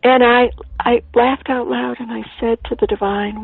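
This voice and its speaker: Woman author telling stories on a radio call-in, gravelly husky voice, tinny phone sound. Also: a little high, moderate pace, no echo. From Ireland. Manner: animated storytelling, drops into a soft whisper at times. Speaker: author and guest. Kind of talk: storytelling in a radio interview. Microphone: phone line. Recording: tinny phone line, dry.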